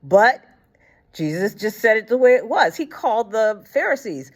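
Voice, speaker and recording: A woman's voice: fairly high pitch, sing-song, normal speed. Woman host, casual faith talk, colloquial and blunt, retells stories with acted quotes, frequent fillers.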